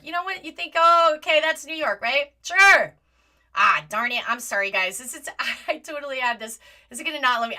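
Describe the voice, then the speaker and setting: A woman hosting a live commentary stream from a home setup, animated and exasperated, often apologizing and at times close to yelling. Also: medium pitch. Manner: rises to near yelling at times. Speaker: livestream host. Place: home setup with green screen.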